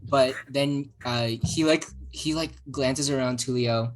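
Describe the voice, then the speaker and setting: A woman narrating a tabletop role-playing game as game master, casual and giggly, with many fillers and pauses. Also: rumbling low, steady tone, faint music behind, poor audio.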